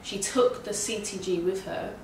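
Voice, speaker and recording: A young woman, casually retelling a story in an animated, slangy way full of swearing. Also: medium pitch, normal speed, background noise. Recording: echoey room heard from a distance.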